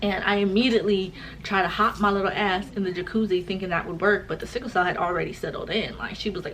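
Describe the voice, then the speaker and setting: A woman's voice: medium pitch, quick pace, few pauses, slight background noise, low-quality recording. A young woman, telling a personal story in a casual vlog chat and acting out the voices of the people in it. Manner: animated, acts out quoted voices. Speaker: vlogger.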